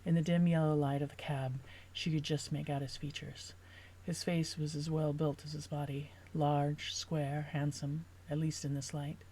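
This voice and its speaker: A woman's voice: sits low, level tone, normal speed, hardly any pauses, warm tone, slight background noise. A woman author reading her own novel draft aloud, stopping now and then to rework a sentence.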